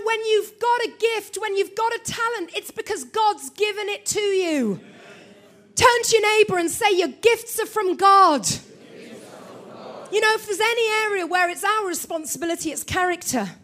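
A woman preaching a sermon, telling a story with animated delivery and calling out to the congregation. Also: extremely high pitch.

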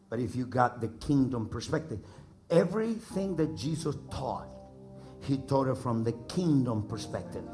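A man from the United States preaching a sermon to a congregation, emphatic and repeating lines for them to echo back, building to shouts. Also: mid-range voice. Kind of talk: sermon with call-and-response. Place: church service before a congregation.

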